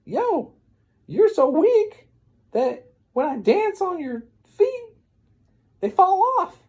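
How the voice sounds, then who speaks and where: A man's voice: big pitch swings, slow, heavily acted. A man voicing a boastful, lying wooden puppet boy in a comic retelling. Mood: brash. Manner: brash, shrill, whiny when caught.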